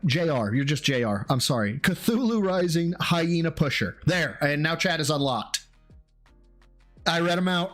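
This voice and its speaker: Male streamer host, raised pitch, rambling and profane, faint music under him. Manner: excitable, swears freely, rambling with restarts. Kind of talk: casual livestream chat.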